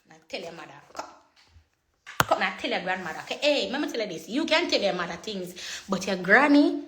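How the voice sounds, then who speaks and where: A woman's voice: medium pitch, sing-song, brisk, bright, forceful tone. A young woman chatting casually on a phone livestream, slipping into patois and laughing often. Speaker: social media personality.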